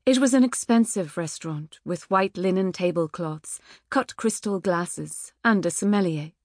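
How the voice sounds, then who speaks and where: A female audiobook narrator reads scripted material in a measured, wry way, her voice sitting on the low side. The studio microphone captures a studio-quality recording with no room sound.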